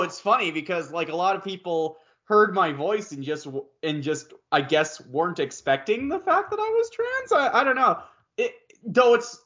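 A man who works as a voice actor, chatting casually on a podcast, animated and profane, laughing often. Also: on the high side, dull audio. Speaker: voice actor guest.

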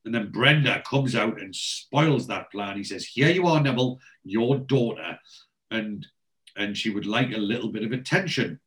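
A man's voice: fairly low pitch, moderate pace, fairly bright tone, low-quality recording. A man hosting a casual chat, retelling TV scenes and quoting the characters' lines in a storytelling way. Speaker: podcast host.

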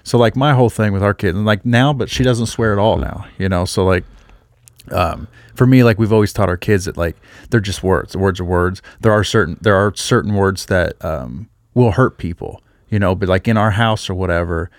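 A man's voice: low voice, moderate pace, dry recording, clean studio sound. A man in his thirties co-hosting a casual podcast chat, rambling and laughing often. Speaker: podcast co-host.

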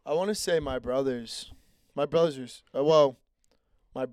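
A young man co-hosting a podcast in relaxed, agreeable casual chat. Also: mid-range voice, moderate pace, no room sound, studio quality. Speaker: podcast co-host.

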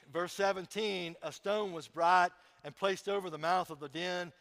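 A man's voice: a little high, a bit bright, long reverb tail. A man preaching a sermon as pastor in a church, talking conversationally with emphatic bursts and questions to the congregation.

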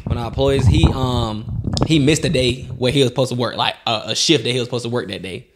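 A man co-hosting a podcast in casual chat, telling stories in lively fashion and acting out other people's voices. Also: medium pitch, fast talker, very noisy. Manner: animated storytelling, acts out quoted voices, laughs often. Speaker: podcast co-host.

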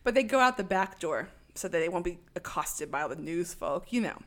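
A woman's voice: fairly low pitch, animated, brisk. A woman in casual conversation, walking through a film's plot with dry sarcasm. She slips briefly into other characters' voices as she tells it. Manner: chatty, sarcastic retelling with put-on voices. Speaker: podcast co-host. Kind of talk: casual chat recapping a movie.

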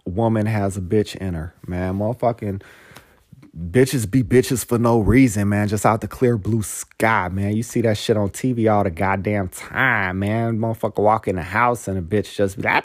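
A man's voice: lowish voice, fairly even intonation, moderate pace, no echo, studio quality. A man hosting a casual podcast monologue, profane and rambling. He tacks "man" onto nearly every phrase and turns heartfelt and choked up at times. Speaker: podcast host.

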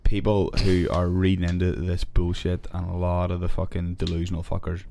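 Irish male guest with a low voice, swears a lot, tells stories with energy. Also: brisk, vocal fry, a little hiss or hum. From Ireland. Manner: swears constantly, animated storytelling. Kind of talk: casual podcast chat.

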